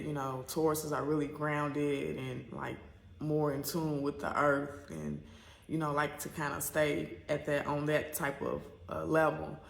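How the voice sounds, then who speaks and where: A woman's voice: deep voice, gravelly, roomy sound. A woman from the United States telling a personal story to camera in a rambling, candid way, full of fillers and restarts. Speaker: vlogger.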